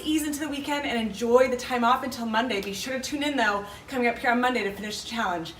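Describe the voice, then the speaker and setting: A woman leading a yoga class, calmly cueing poses and breaths and cheering her viewers on. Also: fairly high pitch, quick pace, few pauses, slight background noise. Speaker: yoga instructor. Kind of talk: guided yoga instruction. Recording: roomy echo.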